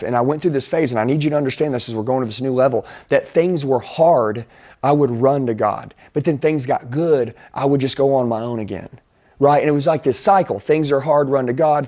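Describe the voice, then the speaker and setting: A man's voice: mid-range voice, darkish tone. Intense motivational coach, a man with punch. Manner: intense, emphatic preaching delivery. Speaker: sales and life coach. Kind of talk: motivational talk.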